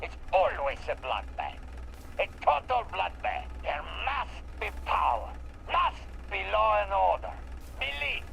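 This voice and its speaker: An actor playing a volatile, menacing slaver warlord in a video game, with a vaguely European accent, ranting with profanity. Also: male voice, high-pitched, wildly swooping pitch, gravelly, bright, forceful tone, slight background noise, full character voice, low-quality recording. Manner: swings between snarling threats and slow lecturing.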